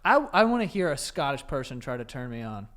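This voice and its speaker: Man, young adult, podcast host, sarcastic, very lively pitch. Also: fast talker. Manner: animated, sarcastic, laughs often. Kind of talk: casual podcast banter.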